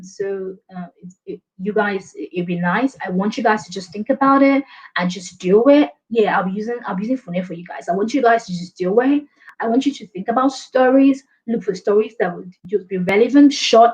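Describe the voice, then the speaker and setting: Animated Nigerian woman on a video call. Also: on the high side, muffled recording. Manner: animated, emphatic, laughs often, mimics others. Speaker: presentation skills speaker. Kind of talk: lively online workshop talk.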